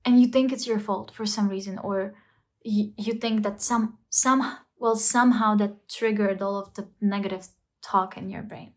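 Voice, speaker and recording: A woman's voice: medium pitch, steady tone, moderate pace. A woman talking to camera in a casual, earnest self-help vlog, coaching the listener and asking rhetorical questions. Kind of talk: casual motivational talk to camera.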